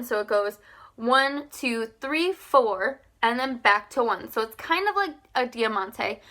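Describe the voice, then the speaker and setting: A fairly high, bright-toned woman walks students through a writing lesson. She explains patiently and repeats key points, with frequent "um"s and a questioning "okay?" to check they follow. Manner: frequent "um" fillers while thinking aloud. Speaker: teacher. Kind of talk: recorded classroom lesson.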